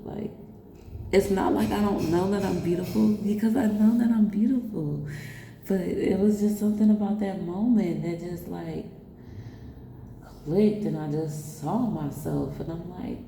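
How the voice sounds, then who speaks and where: A young woman with a low, gravelly voice tells a rambling personal story straight to her viewers. She laughs often and calls them y'all. The echoey room carries a steady hiss of noise behind her. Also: unhurried. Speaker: vlogger.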